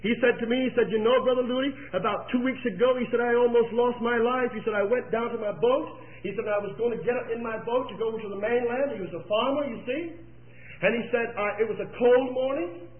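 A man preaching an impassioned sermon, telling a long story and rising to near-shouts at its peaks. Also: very high voice, brisk. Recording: echoey, tinny phone-like old tape.

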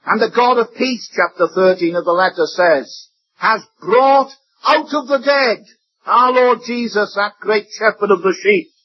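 Husky, high-voiced male preacher. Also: measured pace. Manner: emphatic, swings between rising and dropping voice. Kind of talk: sermon. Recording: dull lo-fi recording.

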